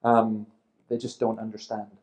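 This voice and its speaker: A man in his fifties giving a seminar talk, telling lively stories with dry humour and acting out the people he quotes. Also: fairly low pitch, normal speed, poor audio. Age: 50s. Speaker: seminar speaker.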